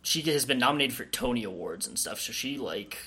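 A man's voice: medium pitch, expressive, brisk, sharp tone, breathy edge. A young man co-hosting a casual movie review, blunt and opinionated with a joking edge. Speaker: podcast co-host.

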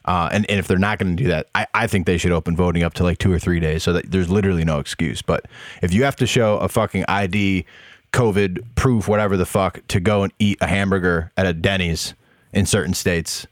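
A man's voice: low voice, fairly quick, dry recording, studio quality. A man in a casual political chat who talks bluntly and emphatically, with plenty of swearing.

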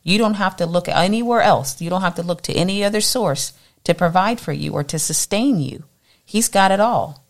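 A woman teaching a morning Bible study with lively, animated energy. Her voice sits very low with a gravelly rasp, and she throws herself into the quotes she acts out. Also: moderate pace.

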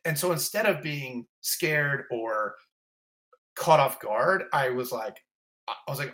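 A man's voice: a little high, measured pace. Man retelling a traumatic story. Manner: emotional, animated retelling with gasps and exclamations; rambling, many fillers and restarts. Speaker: interview guest. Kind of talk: candid storytelling interview.

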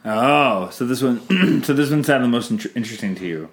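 A man hosting a casual family podcast at home, gently coaxing his kids with questions and often restarting his sentences. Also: mid-range voice, expressive, normal speed. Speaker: podcast host interviewing his children. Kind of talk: casual family chat about a movie. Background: faint cleaning noise.

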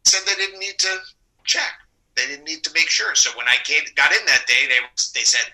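Casting note: New York man, sharp bright tone, chatty guest who loops back and corrects himself. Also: on the high side, lively intonation, moderate pace, low-quality recording. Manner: rambling, self-correcting anecdotes. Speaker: actor guest. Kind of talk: casual interview talk.

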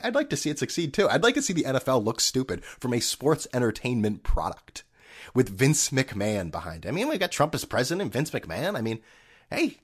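Man, podcast host, sarcastic sports rant, swearing, swings all over in pitch. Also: breathy edge. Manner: ranting, sarcastic, profane, mocking voices in quotes.

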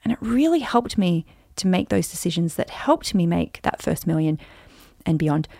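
A woman in her forties hosting a podcast, telling a personal story in an animated, chatty way with lots of fillers. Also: on the low side, moderate pace, creaky, dry recording, clean studio sound. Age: 40s. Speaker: podcast host.

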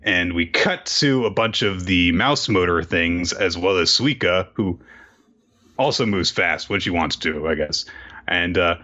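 A man casually recapping a story chapter, animated, quoting the characters in goofy voices. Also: lowish voice. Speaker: podcast co-host. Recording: dull lo-fi audio.

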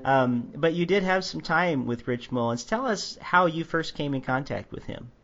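A man's voice: on the high side, lively intonation, moderate pace, a bit bright, soft background music. A man hosting a podcast, asking long rambling questions in an easygoing, joking way. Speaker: podcast host. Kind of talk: interview questions. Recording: dull lo-fi audio.

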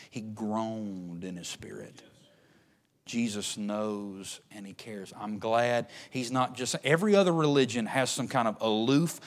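A man preaching a sermon in a folksy, joking way, swinging from low and soft to loud, high shouting.

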